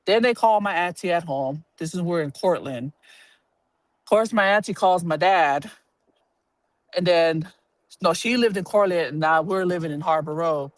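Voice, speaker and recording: A man telling a personal story to a live audience, animated and blunt, swearing casually and acting out the voices of the people in it. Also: sits high, normal speed, pauses often, dry recording. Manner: animated, acts out quoted voices, laughs while telling.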